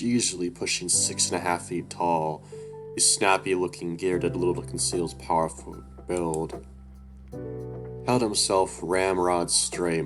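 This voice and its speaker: Deep-voiced guy reading a story game out loud, swears and trips over words, music going loud behind. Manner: loose, profane, asides and stumbles. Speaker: let's-play narrator reading a visual novel aloud. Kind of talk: casual read-through narration.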